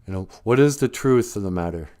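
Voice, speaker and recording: A man's voice: fairly low pitch, lively intonation, a little fast, mellow. A middle-aged man hosting a live stream, talking casually and joking as he teaches Ojibwe words and says a prayer. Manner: joking and rambling, breaks into laughter and prayer.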